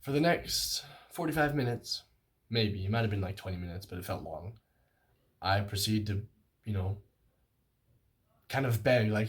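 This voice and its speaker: A man's voice: lowish voice, very animated, moderate pace, long pauses. A young man in his late teens or twenties telling a story, casual and self-mocking, with many fillers and some playful exaggeration. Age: young adult. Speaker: vlogger.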